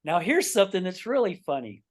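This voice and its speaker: A middle-aged man from Utah, a podcast guest, telling personal stories in a lively way and acting out the dialogue. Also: high voice, fast. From Utah, United States. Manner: animated, acts out quoted dialogue in his stories. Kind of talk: personal storytelling in a podcast interview.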